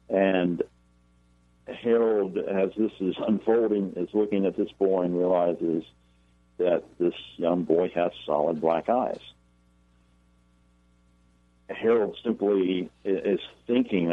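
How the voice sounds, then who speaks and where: A very low-voiced man calls in as a guest and tells a long story, stopping and restarting with fillers and repeated words. His voice comes over a narrow, tinny phone line with no room sound. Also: measured pace, no echo. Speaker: guest, paranormal researcher and author. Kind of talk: storytelling interview.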